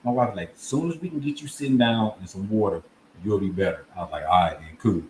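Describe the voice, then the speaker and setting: On a podcast, a man with a fairly low voice races through a comedic story, animatedly acting out voices and laughing partway through. The room is echoey with faint background noise.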